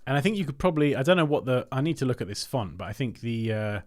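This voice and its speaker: A man's voice: medium pitch, quick pace, a little mellow. A man hosting a design-review livestream, chatting casually and thinking aloud as he works on screen.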